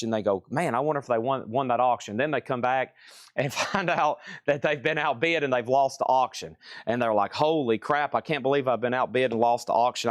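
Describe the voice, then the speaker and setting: A man hosts a live-stream record auction, rattling off prices and bids with chatty asides. His voice sits at an ordinary middle pitch, and the sound is close and dry with no room echo. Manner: brisk running price calls, chatty asides. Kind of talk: live-stream sales patter.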